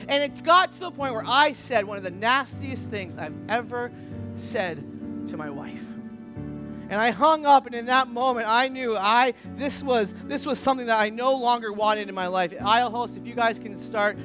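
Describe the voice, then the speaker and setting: An earnest male pastor with a notably high voice, preaching to a church congregation. He moves from plain teaching into a candid, self-mocking story, and soft music plays faintly underneath. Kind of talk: sermon with personal story. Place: church service.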